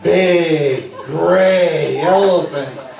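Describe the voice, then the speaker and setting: A man working as a stage hypnotist, guiding volunteers through suggestions with slow, coaxing, playful patter. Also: fairly high pitch, creaky, a little mellow. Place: party venue with audience. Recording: echoey room from far off, faint music.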